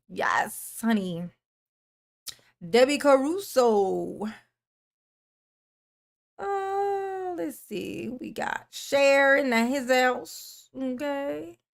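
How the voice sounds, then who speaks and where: High-voiced woman greeting her livestream viewers. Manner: affectionate, calls viewers pet names, laughs often; calls herself Mama in the third person. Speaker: livestream host. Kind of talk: casual live-stream chat greeting viewers.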